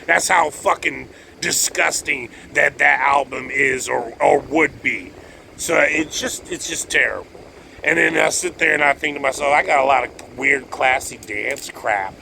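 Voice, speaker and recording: A man rambling in a profane, excitable monologue, laughing often as he talks. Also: fairly high pitch, gravelly, slight background noise, poor audio.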